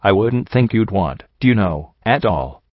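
A man voicing a gentle young female pegasus who speaks softly and tearfully, in a dull, dry recording. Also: on the low side, animated, unhurried, dry recording. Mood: soft pleading. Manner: soft, tearful.

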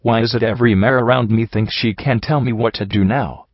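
A man's voice: mid-range voice, steady tone, no room sound, lightly acted. A man voicing a trembling young pony stallion. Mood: cross. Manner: trembling, brittle, halting. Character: shy traumatized young male pony stallion. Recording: dull, dry home recording.

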